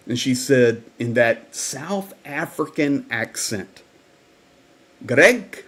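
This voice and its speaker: A man's voice: medium pitch, takes it slowly. A man hosting a livestream update who tells events in an earnest, storytelling way. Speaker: host.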